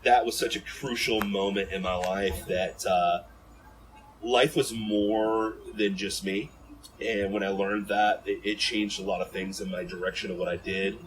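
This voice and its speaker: A man from Ohio telling stories as a podcast guest in an animated, rambling way full of fillers and restarts. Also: on the low side, unhurried, slight background noise, rough recording. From Ohio, USA. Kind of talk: casual storytelling in an interview.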